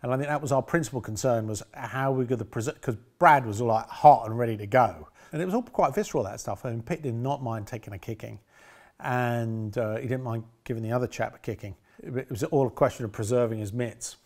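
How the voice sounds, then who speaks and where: A middle-aged film director talks briskly in a mid-range, slightly mellow voice during a reminiscing interview. His account of making the film wanders, with frequent self-corrections.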